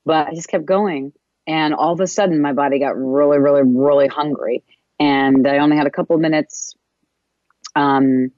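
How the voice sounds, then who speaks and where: Speaking loosely and casually, a wellness coach wanders through spiritual self-help ideas at a mid pitch, pausing often and leaning on fillers. The tone is darkish, and the recording is dull, muffled, dry and close, with no echo.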